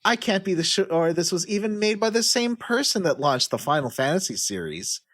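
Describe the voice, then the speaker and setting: A man's voice: sits high, normal speed. A man hosting a casual podcast game, reading user reviews aloud and humming while he looks up the next one. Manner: animated, reads reviews in a lively sing-song way, hums while searching. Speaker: podcast host running a guessing game.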